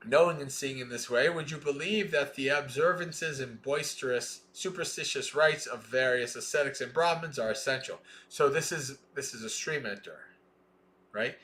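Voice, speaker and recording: A man reading a Buddhist scripture aloud in a slow, measured way, with plain explaining asides between passages. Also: mid-range voice, pushed and bright. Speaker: Dhamma reader.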